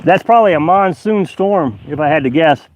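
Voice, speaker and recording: A man's voice: a little high, lively intonation, normal speed, a little mellow, no echo. A man hosting a casual outdoor live stream, reading chat aloud and rambling with many fillers and restarts. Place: outdoors at a high-altitude campsite.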